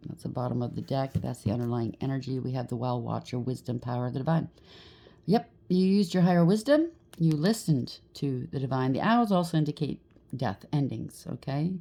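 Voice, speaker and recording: A woman's voice: very deep voice, warm tone. A woman giving a casual tarot reading, chatty and reassuring, often checking in with "okay?" and "right?". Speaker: tarot reader.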